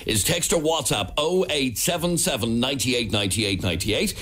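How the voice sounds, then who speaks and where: An Irish man hosting a radio show, reading out contact details in a lively presenter manner. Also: medium pitch, normal speed. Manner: lively, sing-song presenter delivery. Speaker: radio host. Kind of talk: casual radio chat. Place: radio studio.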